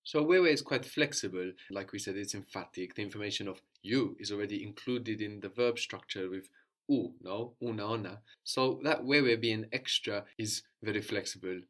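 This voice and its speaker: A man teaching a language lesson, patient and prompting, often checking understanding with a quick "no?". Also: lowish voice, a bit bright.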